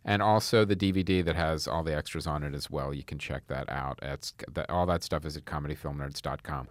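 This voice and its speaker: A man's voice: rumbling low, brisk, no echo. A man co-hosting a comedy film podcast, easygoing and laughing along as he plugs the show. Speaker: podcast co-host. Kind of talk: casual chat and show plugs.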